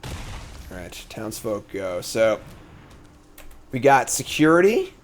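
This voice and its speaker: A man casually commentating his own card game as a streamer, thinking out loud in a chatty way. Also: fairly low pitch, slow pace, faint music behind. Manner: chatty, thinks aloud, animated swings in energy.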